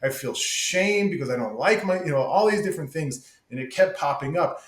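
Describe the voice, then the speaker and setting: A man's voice: on the high side, expressive, a little fast, reverberant, poor audio. A man talking candidly as a podcast guest, emphatic and profane, calling the host "dude" often. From United States. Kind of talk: casual candid conversation.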